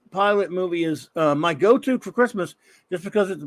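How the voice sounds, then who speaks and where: A man's voice: high-pitched, animated, fairly quick, no echo. A middle-aged man hosting a live stream, rambling and joking as he answers chat comments. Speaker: live-stream show host.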